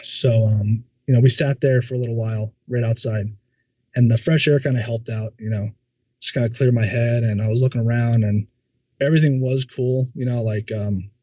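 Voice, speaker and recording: Halting man with a mellow, dull-sounding voice. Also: mid-range voice, no echo. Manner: halting, stammers and repeats words, many fillers. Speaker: podcast guest. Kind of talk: casual personal storytelling.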